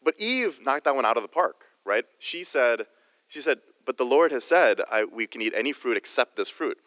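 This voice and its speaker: Man, guest preacher, casual joking sermon, dry close sound, mid pitch. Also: expressive, normal speed, a bit bright, dry recording, in a large hall. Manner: jokey and conversational, with many restarts.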